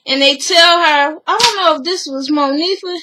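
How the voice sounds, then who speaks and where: A woman's voice: sits high, normal speed, pushed and bright, slight background noise, poor audio. A woman vlogger giving a chatty, opinionated, gossipy recap of a TV show, full of fillers.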